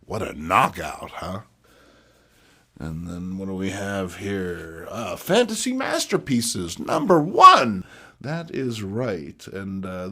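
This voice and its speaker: Male host, slow folksy delivery, lively lowish voice. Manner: folksy, slow, playful hosting. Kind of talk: casual comic collection show.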